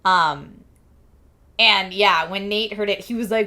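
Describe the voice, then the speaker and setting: A woman in her thirties from the Philadelphia and New Jersey area chats casually and animatedly with her stream viewers, laughing often and saying "like" a lot. Her mid-range voice is slow, pushed and bright.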